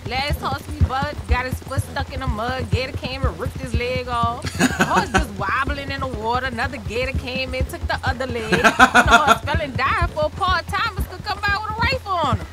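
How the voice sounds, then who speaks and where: A woman's voice: high-pitched, close to an everyday voice. An actress playing a stranded, distrustful older Cajun woman who rambles in folksy, broken grammar with a Cajun accent. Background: game music and horse hooves.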